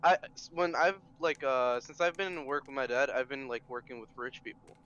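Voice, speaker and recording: A man's voice: mid-range voice, fairly quick, a crowd in the background. Rambling man on a muffled call. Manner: rambling, full of fillers. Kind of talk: casual chat. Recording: dull voice call audio with faint noise.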